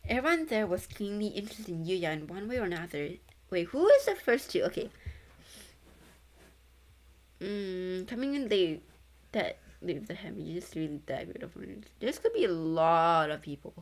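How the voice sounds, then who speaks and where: A young woman reads a novel aloud in a casual stream, tripping over words and fixing them as she goes. Her pitch bounces in a lively way. She keeps breaking off to chat about what she sees. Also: normal speed. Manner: stumbling, self-correcting reading, breaks into chatter. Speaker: VTuber reading a novel aloud. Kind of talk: casual read-along.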